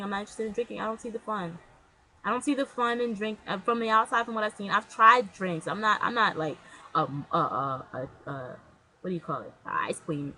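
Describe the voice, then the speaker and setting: A woman's voice: on the low side, sharp tone, slight background noise, poor audio. A young woman vlogging to her camera in casual chat, blunt and slangy, rambling with restarts.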